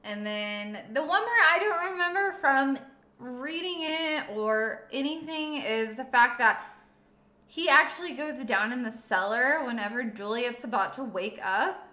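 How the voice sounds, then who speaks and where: A woman's voice: high-pitched, animated, a little slow, bright, forceful tone. A woman co-hosting a casual film review chat, blunt and swearing casually. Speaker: podcast co-host. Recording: echoey room.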